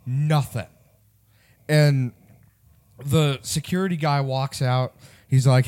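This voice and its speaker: Laughing, animated male podcast host. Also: medium pitch, slow pace, long pauses, no room sound, studio quality. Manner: animated storyteller, laughs often. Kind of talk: casual chat.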